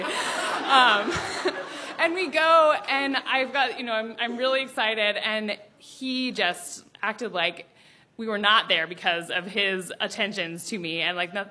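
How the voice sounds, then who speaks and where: A young adult woman telling a personal story, animated, laughing often and acting out the people in it. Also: medium pitch. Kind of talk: personal story told to an audience.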